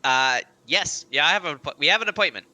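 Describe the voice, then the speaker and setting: Male player, very bright tone, lively, jokey. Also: a little high, brisk, dry recording. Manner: jokey and enthusiastic. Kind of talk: casual tabletop game play.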